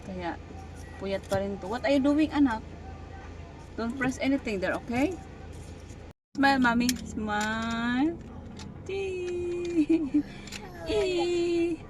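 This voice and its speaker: Her high, expressive voice is unhurried and pauses often, with music playing behind it. A young Filipino mother, she vlogs with her children while waiting outside near a clinic, casually mixing Tagalog and English as she coaxes and scolds her toddler. Passing vehicles create loud traffic noise.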